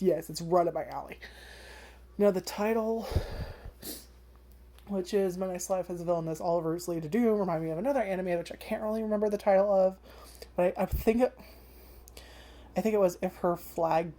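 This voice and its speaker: A woman's voice: lowish voice, warm tone. A woman vlogger chatting casually about an anime, rambling with lots of fillers and freely swearing. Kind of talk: casual first-impressions chat.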